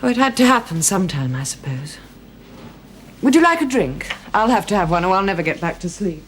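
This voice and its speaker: A woman's voice: medium pitch, big pitch swings, fairly quick, a little hiss or hum, close to an everyday voice. An actress playing a worldly woman who frankly and affectionately comforts a younger woman.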